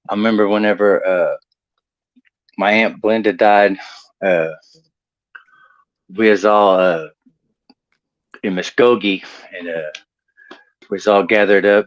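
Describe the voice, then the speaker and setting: A man's voice: lowish voice, dry recording, lo-fi sound. A man from the with a drawl, telling rambling stand-up stories and laughing at his own jokes. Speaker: stand-up comedian. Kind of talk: storytelling stand-up set. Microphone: home computer mic on video call.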